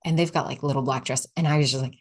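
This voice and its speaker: Speaking fast in a rumbling low voice with a steady tone, a woman runs a solo podcast. Her style is chatty and reflective, full of "like," and she acts out the inner voices she quotes.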